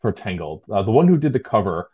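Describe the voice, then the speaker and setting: A man's voice: lowish voice, big pitch swings, quick pace, husky, dull audio. A man talking casually as an interview guest, rambling with fillers and restarts. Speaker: guest, tabletop game designer.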